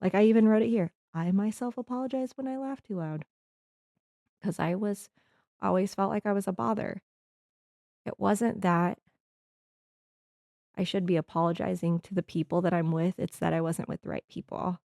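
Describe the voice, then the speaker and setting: A woman's voice: lowish voice, little pitch movement, moderate pace, gravelly, pauses often, darkish tone, no room sound, studio quality. A woman from the Midwest hosting a podcast, talking earnestly in a rambling reflective monologue with restarts. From American Midwest. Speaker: podcast host.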